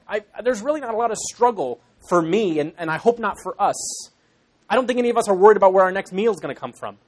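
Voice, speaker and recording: A young Irish man in his twenties, a pastor in training, preaching a sermon to a congregation in an earnest, emphatic way with self-deprecating asides. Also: sits high.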